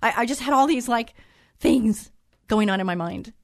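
A woman's voice: on the high side, normal speed, no room sound, studio quality. A woman hosting a Christian talk show, talking in a chatty, encouraging way and drifting into personal stories. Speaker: host.

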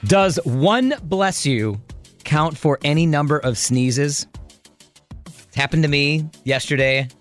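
A man hosting a call-in radio show, telling a story in a chatty, animated way. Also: on the high side, takes it slowly, soft background music. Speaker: radio host.

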